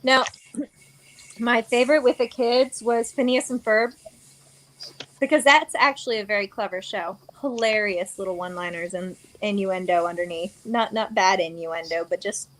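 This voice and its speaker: A woman's voice: mid-range voice, steady tone, a little slow, long pauses, rough recording. A woman in her forties hosting a casual chat, talking freely and laughing easily. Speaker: host.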